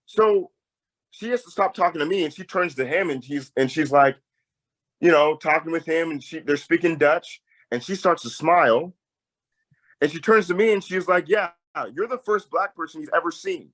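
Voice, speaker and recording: A young man, a peace campaigner, telling a story in a lively conversational way. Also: on the high side, moderate pace, poor audio. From Tacoma, Washington. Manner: animated storyteller, voice jumps up when excited.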